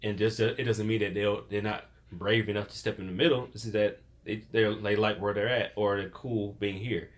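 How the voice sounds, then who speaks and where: A man's voice: on the low side, fairly even intonation, moderate pace, few pauses. A man hosting a podcast in casual chat, rambling and acting out quoted voices. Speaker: podcast host.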